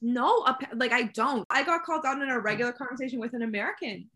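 A young Bahamian woman with a Bahamian accent telling stories in an animated way and acting out the voices of others. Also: a little high, fast. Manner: animated storyteller, acts out voices. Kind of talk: casual chat.

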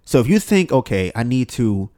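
A man's voice: medium pitch, sing-song, normal speed, dark tone. A man talking alone on his podcast, loose and rambling with many fillers and restarts, swearing freely and acting out old phone calls in quoted voices. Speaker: podcast host. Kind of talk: solo podcast monologue.

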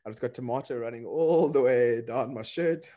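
A man, co-hosting a podcast and telling a story in a loose, animated way, laughing between phrases and repeating words. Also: medium pitch, moderate pace, muffled recording. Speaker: podcast co-host. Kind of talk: casual chat.

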